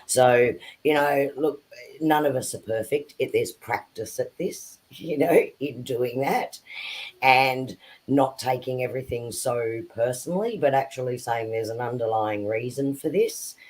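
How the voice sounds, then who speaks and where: A man co-hosting a spiritual chat who speaks in a reflective, measured way, with frequent pauses and fillers. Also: medium pitch, low-quality recording.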